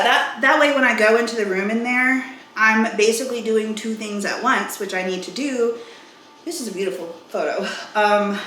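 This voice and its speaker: A woman's voice: medium pitch, a bit bright, slight background noise. A woman chatting casually in a home vlog, rambling and out of breath. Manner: rambling, chatty, self-interrupting. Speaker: vlogger. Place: home room. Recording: echoey room.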